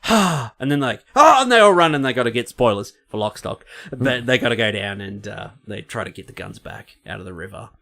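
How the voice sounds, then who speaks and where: A man's voice: on the low side, fast, vocal fry. A young man, co-hosting a casual podcast chat and swearing freely. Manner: swearing, animated impressions of celebrities. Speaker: podcast co-host.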